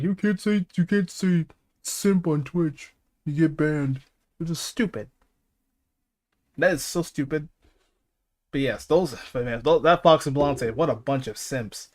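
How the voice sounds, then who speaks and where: A male streamer chats casually on his podcast in a mid-pitched voice. He rambles, laughs often and swears freely, tripping over his words as he restarts sentences.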